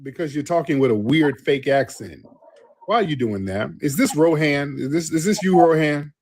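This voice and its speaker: Brief: blunt male call-in host, husky edge, casual and direct. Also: on the high side, normal speed, a little mellow. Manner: blunt, loose, talks back to callers. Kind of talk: live call-in stream chat.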